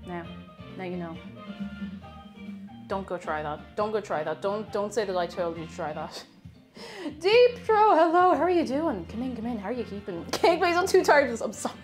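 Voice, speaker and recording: A woman's voice: mid-range voice, lively intonation, normal speed, pauses often, music in the background. A young woman from Ireland chatting casually on a live stream, reading chat aloud and giggling often as she bakes.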